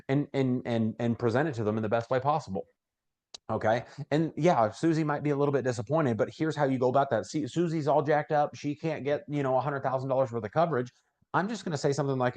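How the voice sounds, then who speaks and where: A middle-aged man giving casual sales training, talking conversationally and acting out client conversations in a brighter voice. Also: medium pitch, fairly quick.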